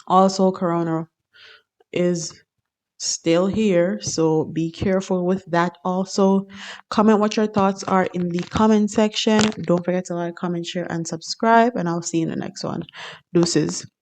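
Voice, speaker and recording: Woman vlogger reading news, low voice. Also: fairly even intonation, measured pace, darkish tone. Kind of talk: reading news, then casual sign-off.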